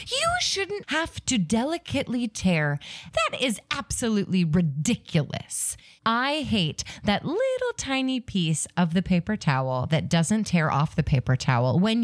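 Woman co-host, animated, playful griper, very lively pitch. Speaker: podcast co-host. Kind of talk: casual banter.

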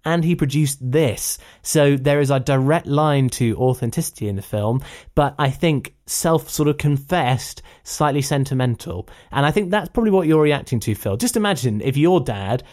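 A man's voice: medium pitch, lively intonation, normal speed, darkish tone. A man hosting a film review podcast, talking in an enthusiastic, persuasive, rambling way. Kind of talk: casual film review chat.

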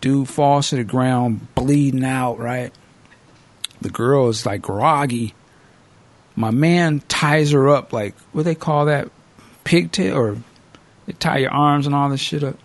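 A male podcast host casually recapping a movie as an animated storyteller who acts out the characters. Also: medium pitch, takes it slowly, no room sound.

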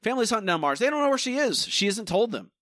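This man's voice is high and sing-song, quick and fairly bright, recorded clean in a studio without echo. He's a podcast co-host venting his frustration over an episode in a relaxed review chat, leaning heavily on the word "like."

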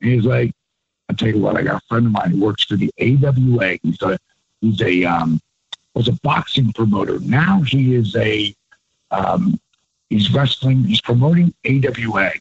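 A man's voice: fairly low pitch, moderate pace, vocal fry, husky, no echo. A man, a guest on an interview, telling a loose, profane story and acting out each quoted line with voice shifts. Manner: animated, acts out quotes with voice shifts. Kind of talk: casual storytelling. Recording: dull lo-fi, dry.

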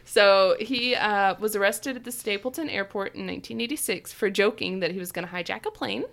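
Woman host, chatty storyteller, a little gravelly. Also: medium pitch, fairly quick, fairly bright tone. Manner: chatty, giggly storyteller reading from notes. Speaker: podcast host telling the story. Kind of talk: casual chat.

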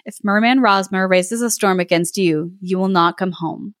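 A woman's voice: mid-range voice, moderate pace, dry recording, studio quality, close to an everyday voice. A woman reading aloud as a stern noblewoman giving a scornful warning.

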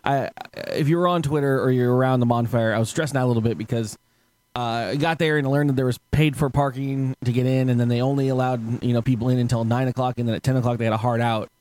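A man's voice: medium pitch, steady tone, fast talker, a little mellow, dry recording. A man hosting a podcast, telling stories in casual chat, rambling, swearing and laughing often. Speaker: podcast host.

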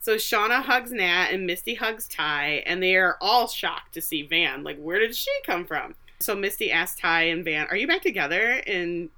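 Podcast co-host, female, bright lower-pitched voice, breezy filler-heavy recap delivery. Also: a little slow, hardly any pauses. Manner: chatty, retells scenes with quoted asides and many fillers. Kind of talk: casual recap chat.

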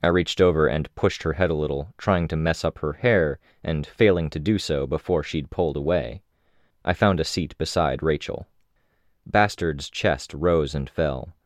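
A man reading a novel aloud in the first person, with measured, even storytelling. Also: extremely low pitch, no echo. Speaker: audiobook narrator.

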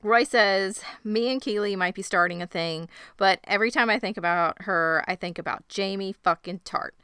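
A woman with a bright, smooth voice recaps scenes as a podcast co-host. The sound is dry and close, and she talks with enthusiasm, often breaking into laughter. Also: mid-range voice, normal speed, no room sound. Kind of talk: casual recap chat.

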